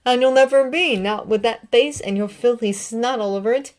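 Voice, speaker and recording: A woman's voice: a little high, moderate pace, darkish tone, pitched above the performer's own voice, close to an everyday voice. A woman voicing a swaggering teenage wizard who jeers and scorns another boy, in a read-aloud fan story. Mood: jeering. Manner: jeering, scornful.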